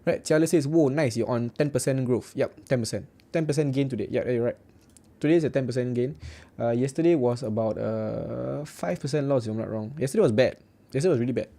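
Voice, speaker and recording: A young man with a Singaporean English accent hosts a casual livestream. His voice is mellow and dark at a middle pitch. He talks in a blunt, joking way and keeps saying "right.". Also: brisk, vocal fry. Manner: chatty, repeats "right" often, blunt and joking. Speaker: forex trading livestream host. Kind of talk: casual livestream chat reading viewer comments.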